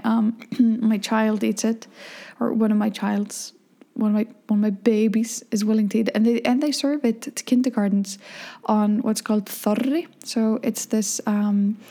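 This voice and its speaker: Icelandic woman vlogger, middle-aged, mellow tone, chatty and candid. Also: fairly high pitch. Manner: chatty, rambling, frank and jokey. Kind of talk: casual chat.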